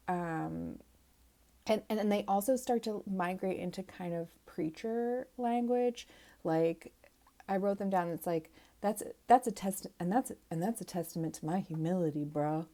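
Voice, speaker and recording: A woman's voice: mid-range voice, gravelly, mellow. A woman in her thirties hosting a show recap in casual solo chat, rambling and opinionated with lots of fillers and restarts. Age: 30s. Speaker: podcast host recapping a reality show.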